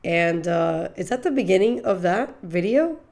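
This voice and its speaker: With a fairly low, expressive, slightly mellow voice at normal speed, a young podcast host riffs on the news in casual political commentary. She jokes, laughs frequently, and swears offhandedly.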